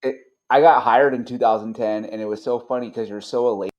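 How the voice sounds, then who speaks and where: A man speaking as a firefighter and podcast co-host, chatting in a relaxed, enthusiastic way. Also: medium pitch, fairly quick, dull audio. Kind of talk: casual podcast conversation.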